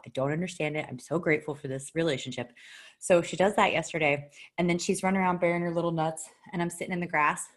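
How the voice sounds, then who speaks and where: A chatty woman with a notably low voice co-hosts a loose, casual talk show. She giggles often, swears freely and breaks into sudden bursts of excitement. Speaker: podcast co-host. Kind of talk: casual chat.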